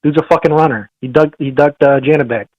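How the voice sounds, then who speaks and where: Fast-talking profane male caller. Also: a little high, no room sound, dull audio. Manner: profane, blunt trash talk. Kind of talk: call-in boxing rant.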